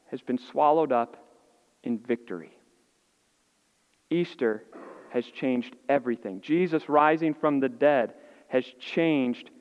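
A male pastor preaching a sermon, earnest, with dramatic pauses and voice dropping soft on key words. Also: a little high. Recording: muffled, long reverb of a large hall.

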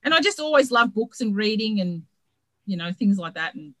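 A woman's voice: medium pitch, very animated, moderate pace, fairly bright tone, dry recording. A middle-aged woman, an author, telling her story in a casual video-call interview, chatty and rambling with many restarts. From Australia.

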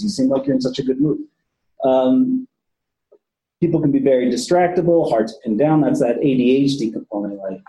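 A man's voice: medium pitch, dark tone, roomy sound, low-quality recording. A man who works with patients, giving a casual training talk to police officers and often repeating himself. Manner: conversational, repeats words, casual swearing. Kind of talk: training lecture.

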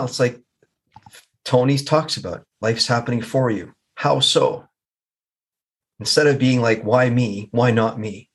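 A man's voice: mid-range voice, slightly rough. A man hosting an interview, effusive and affirming, reflecting at length before he asks his questions. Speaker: podcast host.

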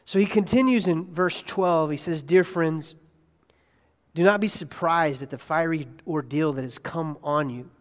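A male pastor preaching a conversational sermon in a church, asking his congregation questions and swinging between hushed asides and loud, excited bursts. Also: on the high side, unhurried. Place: church sanctuary. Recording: long hall reverb.

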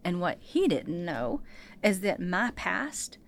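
A woman, a pastor and therapist, speaking as a podcast guest, animated and acting out what people say. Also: fairly low pitch, takes it slowly, slight background noise. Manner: animated storyteller, acts out quotes. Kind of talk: casual podcast interview.

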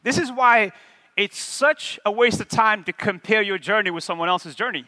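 A man preaching a sermon as pastor in a church auditorium, animated and calling on the congregation to answer back. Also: high voice, normal speed. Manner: animated, call-and-response with the congregation. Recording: long hall reverb.

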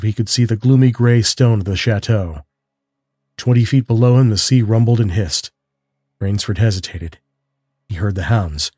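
Man narrating in a low, husky voice. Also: no room sound, studio quality. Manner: measured, steady reading. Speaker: narrator and host of a story show. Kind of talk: calm audiobook story narration.

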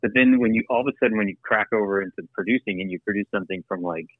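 A man being interviewed about his work as an actor and producer, talking in a loose, animated way with frequent laughs and restarts. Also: fairly low pitch, rapid-fire, slightly rough, no room sound. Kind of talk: casual interview conversation. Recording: phone-like remote line.

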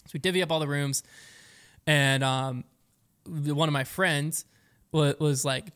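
A young man telling a long story in casual conversation, quick and rambling, raising his voice when he quotes friends. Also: fairly high pitch, steady tone, fairly bright tone.

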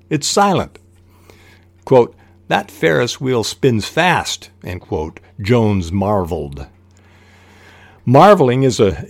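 A man hosting a writing podcast, explaining technique in a measured way and reading quoted passages aloud. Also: medium pitch, a little mellow, no echo. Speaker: podcast host teaching fiction writing. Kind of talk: instructional podcast talk.

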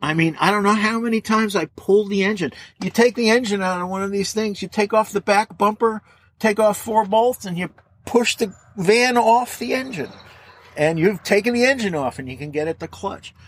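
A man telling a lively story in an interview, laughing now and then as he talks. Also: high-pitched, moderate pace, husky, dry recording. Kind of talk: anecdotal storytelling.

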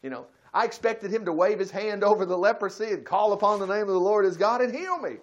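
Male preacher, high-pitched, folksy sermon delivery with loud-to-quiet swings. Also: quick pace, dull audio.

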